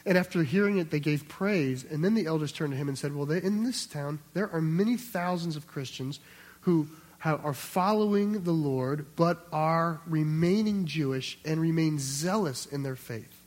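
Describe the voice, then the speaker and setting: High-voiced man preaching a sermon. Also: moderate pace, darkish tone. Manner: conversational preaching, acts out quoted voices, repeats words as he restarts. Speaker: pastor. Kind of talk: expository sermon.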